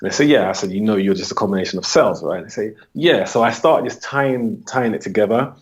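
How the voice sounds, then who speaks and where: A man's voice: animated, fast, breathy edge. A man from the UK, a holistic coach, answering interview questions and acting out his talks with clients. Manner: acts out client dialogue with rising pitch.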